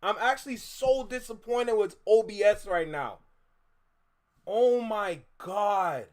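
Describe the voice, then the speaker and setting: A man with a very high voice rants to his live-stream audience in an unhurried, drawn-out way. He sounds fed up and exasperated, repeating the same complaints again and again, and his frustration keeps breaking into laughter. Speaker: live-stream reaction host. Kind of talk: casual live-stream rant.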